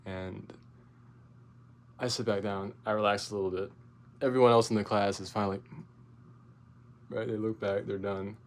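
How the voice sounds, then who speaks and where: This young vlogger speaks at a normal speed in a fairly low voice, with long pauses, as he tells a rambling, profane story casually. Fillers and restarts pile up, and he becomes loud and animated retelling his outburst.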